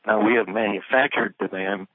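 A man calling in to a radio show, speaking haltingly with frequent restarts. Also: lowish voice, no echo. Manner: halting, restarts mid-sentence. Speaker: radio caller. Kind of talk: phone-in commentary. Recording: tinny phone line.

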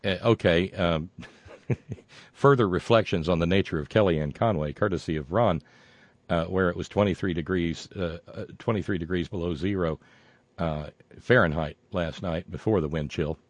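Older american guy reading listener letters, lowish voice, dry sound, jokey asides. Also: moderate pace, no echo. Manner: wry, digressive, reads letters aloud with asides. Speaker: show host reading listener mail. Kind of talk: casual talk show.

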